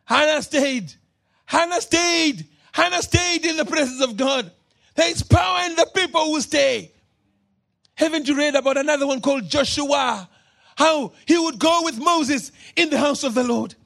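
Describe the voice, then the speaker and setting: A pastor delivers a sermon in a gravelly voice, swinging between shouted, drawn-out lines and low, quiet asides.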